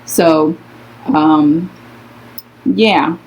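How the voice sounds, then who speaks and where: A woman's voice: low-pitched, fairly even intonation, very slow, a little mellow, a little hiss or hum. An older woman telling stories in a casual conversation with her adult daughter, speaking in an emphatic, outspoken and indignant way. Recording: muffled lo-fi recording.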